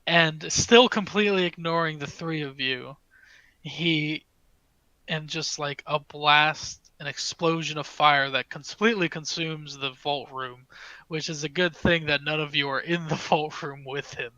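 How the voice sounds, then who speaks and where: A man narrates a tabletop game as game master, with a bright, slightly high voice. He hesitates often, trips over fillers and breaks into small laughs, recorded close and dry. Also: fairly even intonation, unhurried, dry recording, dull audio.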